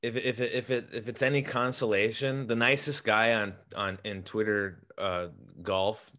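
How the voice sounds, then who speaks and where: Bright-voiced man, stammering a little. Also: on the low side, steady tone, unhurried. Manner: stammering, laughs along often. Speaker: podcast co-host. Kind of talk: casual sports chat.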